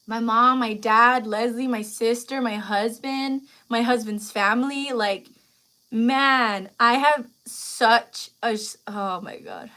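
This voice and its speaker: A young woman chatting on a live stream. Her voice is bright and forward, and her words come loose, with lots of fillers and slang. She sounds emotional, like she is close to tears. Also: fairly high pitch, steady tone, takes it slowly. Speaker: livestream host. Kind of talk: casual live stream chat.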